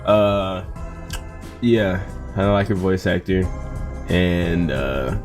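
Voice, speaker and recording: A man's voice: low voice, drawn-out words, a little mellow, soft background music. Exasperated young man ranting casually. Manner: exasperated, ranting, repeats words and swears. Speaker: commentator. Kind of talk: casual reaction rant.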